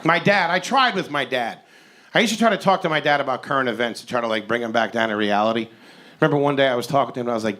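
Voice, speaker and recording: A man in his forties performing a stand-up comedy set on stage, with an animated, incredulous, ranting delivery. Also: mid-range voice, rapid-fire. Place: comedy stage before a live audience.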